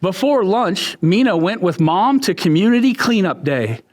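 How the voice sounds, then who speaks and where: A man, a museum educator, reading a children's picture book aloud in a museum exhibit, with expressive storytelling. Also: high voice, normal speed.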